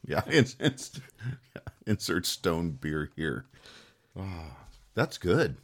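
A man hosts a casual podcast in a low voice that rises and falls in a lively way. He talks loosely with his co-hosts and jokes freely. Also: takes it slowly. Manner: lively, joking delivery.

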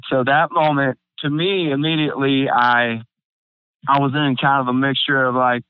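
Young guy, halting and near tears, smooth voice, tinny phone-like line. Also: mid-range voice, little pitch movement, no room sound. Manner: halting, many restarts and fillers, near tears. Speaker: guest. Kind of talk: emotional personal storytelling. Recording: phone-like narrow band, dry.

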